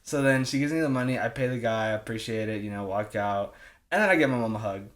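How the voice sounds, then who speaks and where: A young man co-hosting a casual podcast, telling a story with lively acted-out quotes and plenty of swearing. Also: on the low side, quick pace. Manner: animated storyteller, acts out quotes, swears freely. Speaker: podcast co-host. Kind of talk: casual chat.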